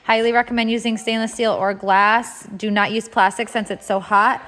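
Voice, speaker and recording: A woman explaining a kitchen task step by step in a relaxed, casual tutorial, with the odd filler. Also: on the high side, normal speed. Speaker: homestead cooking instructor. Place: home kitchen.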